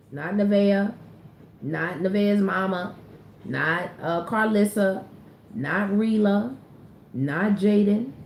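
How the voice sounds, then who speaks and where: A woman with a mid-range, darkish voice reads tarot cards in a casual, chatty way, leaning on slang and repeating phrases for emphasis. The recording is roomy and echoey, with slight background noise.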